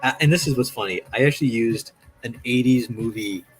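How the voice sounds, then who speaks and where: A man's voice: mid-range voice, brisk, soft background music, low-quality recording. A man in casual chat while drawing on stream, telling stories animatedly and acting out quotes with a raised voice. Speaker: streaming artist.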